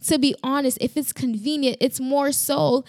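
A woman's voice: sits high, fairly even intonation, moderate pace, a little mellow, no room sound, studio quality. A woman hosting a faith podcast, giving a fervent, emphatic devotional talk with frequent restarts.

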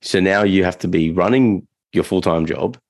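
A man with a low, gravelly voice talks through dog training on a casual podcast. His delivery is loose and rambling, full of fillers and restarts. The sound is dry and close, with no room around it. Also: moderate pace, a little mellow, no room sound.

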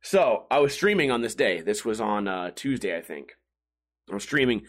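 A man hosting a podcast, telling rambling, profane stories in a casual, comedic monologue with jumpy, animated delivery. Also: fairly low pitch, moderate pace. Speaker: podcast host.

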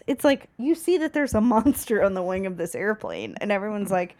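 A woman's voice: mid-range voice, lively intonation, a little fast, a little mellow. A woman co-hosting a casual political chat, incredulous and sarcastic. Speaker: podcast co-host.

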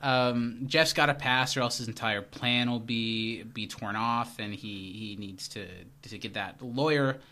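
Bright-voiced man chatting casually. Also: mid-range voice, fairly even intonation. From Indiana. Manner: chatty, playful, does quick comic voices when quoting. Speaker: podcast co-host. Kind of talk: casual chat recapping a TV episode.

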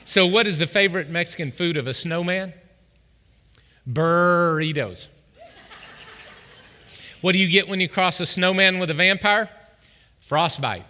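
A man preaching a sermon as pastor, with a voice worn hoarse, joking and calling on the congregation to respond. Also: high voice, a little slow, long pauses, sharp tone. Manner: jokey, urges the congregation to respond. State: losing his voice. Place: church hall. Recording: long hall reverb.

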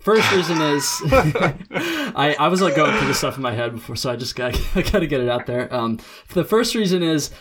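A man's voice: a little high, very animated, moderate pace, a bit bright, a little hiss or hum. A young man hosting a hiking podcast in a laid-back, chatty way, laughing often and restarting his sentences. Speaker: podcast host. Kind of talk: casual podcast interview.

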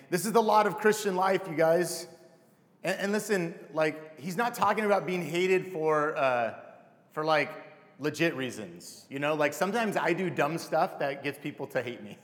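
A man's voice: fairly high pitch, expressive, moderate pace, long reverb tail. A man preaching a casual, heartfelt sermon to a congregation, calling them "you guys". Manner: casual, emotional, addresses crowd as "you guys". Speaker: pastor.

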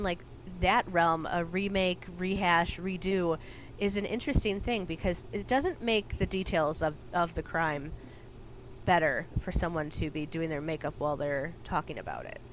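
A woman's voice: on the low side, slight background noise, rough recording. A woman co-hosting a podcast, chatting casually and rambling with lots of fillers. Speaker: podcast co-host. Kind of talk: casual chat.

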